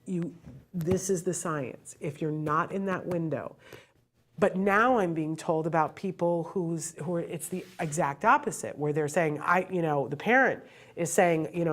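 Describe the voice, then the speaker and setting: A woman's voice: sits low, measured pace. A middle-aged woman host giving earnest, heartfelt advice to parents in a direct, emphatic way.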